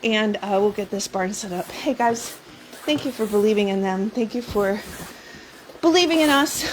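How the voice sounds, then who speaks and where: High-voiced woman cooing at rescue dogs. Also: a little hiss or hum, rough recording. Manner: affectionate, talks sweetly to dogs, laughs often. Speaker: founder of an animal rescue. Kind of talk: casual morning vlog. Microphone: handheld phone camera.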